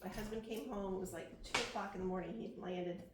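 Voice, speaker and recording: A woman's voice: mid-range voice, steady tone, quick pace. A woman author with a Pennsylvania accent speaking candidly and wryly on a library panel. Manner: candid, wry. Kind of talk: panel discussion. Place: library meeting room. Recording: roomy, noisy, from far off.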